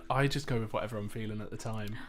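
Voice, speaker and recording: A young man co-hosting a casual radio chat, jokey and quick to laugh. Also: fairly low pitch, steady tone. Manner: jokey, laughs often, does silly impressions. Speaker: radio co-host.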